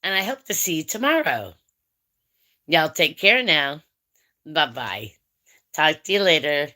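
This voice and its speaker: A woman hosting a laid-back craft chat stream, talking to her viewers in a folksy, affectionate way. Her voice sits a little low and sounds bright and forceful. She takes her time, drawing out her words. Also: sing-song, unhurried.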